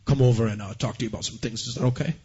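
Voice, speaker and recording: A man putting on the voice of a gruff male stripper from New Jersey, low and drawling. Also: fairly even intonation, very fast, dark tone, muffled recording. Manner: low drawling tough-guy voice.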